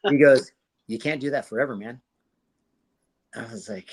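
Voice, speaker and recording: A man in his forties talks fast as a guest on a podcast. He looks back on his fighting career and acts out both sides of old conversations, swearing freely as he goes. His voice sits at an ordinary middle pitch. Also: husky. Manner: profane, animated retelling with quoted dialogue. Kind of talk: casual interview storytelling.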